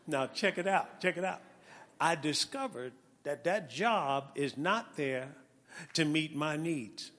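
A high-pitched male preacher with a swooping, lively delivery and a bright, tense edge, calling out to his congregation and rising into shouts. His voice rings with the long reverb of a big church hall. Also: slow pace. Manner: animated, calls out to the congregation, builds to shouting. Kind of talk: sermon with personal testimony.

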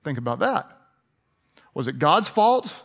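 High-voiced man preaching a casual sermon. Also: sing-song, unhurried, a bit bright. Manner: conversational, asks the congregation questions, playfully sarcastic. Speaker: pastor.

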